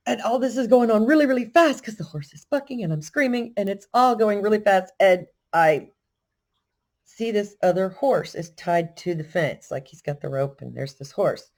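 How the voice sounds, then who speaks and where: An older woman from Texas with a Texan accent, telling a story in a casual, animated, self-deprecating way. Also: mid-range voice, moderate pace. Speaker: vlogger.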